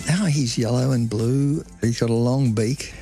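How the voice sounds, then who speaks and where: A man's voice: mid-range voice, unhurried, warm tone, soft background music. An older man telling the story of a public health campaign in a chatty way, laughing now and then. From Australia. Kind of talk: recalled storytelling in a radio documentary.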